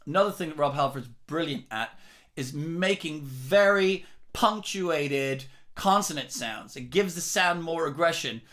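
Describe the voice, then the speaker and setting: A man's voice: on the high side, expressive, measured pace, a bit bright. A man teaching rock singing, explaining technique in a careful, step-by-step way. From England. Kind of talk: vocal lesson.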